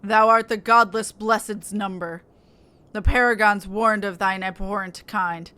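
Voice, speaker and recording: A woman's voice: medium pitch, fairly even intonation, unhurried, pushed and bright, clean tone, no echo. A woman reading aloud the lines of a wrathful giant male fire god, with grand archaic proclamations. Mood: scornful. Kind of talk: reading game dialogue aloud.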